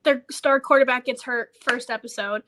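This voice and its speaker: A young woman chatting as a podcast co-host, her voice bright and sharp and pitched a bit high. She tells stories in a gushy, animated way. "Like" and "literally" come up in nearly every sentence. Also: moderate pace, a little hiss or hum. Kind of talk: casual chat.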